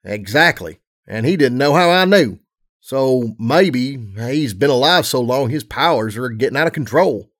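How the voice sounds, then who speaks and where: A man voicing a weary mother mare pony, gruff but loving, in a low tired plain delivery. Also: animated, measured pace, a bit bright.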